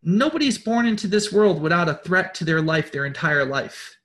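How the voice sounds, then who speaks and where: A man's voice: high voice, animated, moderate pace, a bit bright. A man hosting a spiritual pep talk, preaching bluntly, swearing often and repeating his words as he pushes on. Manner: repeats words and restarts sentences. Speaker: host.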